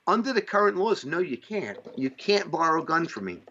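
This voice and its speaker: A man's voice: on the high side, sing-song, a little fast, bright, forceful tone. A man from upstate New York hosting a casual podcast chat, rambling and swearing with lots of fillers. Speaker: podcast host. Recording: dull lo-fi sound.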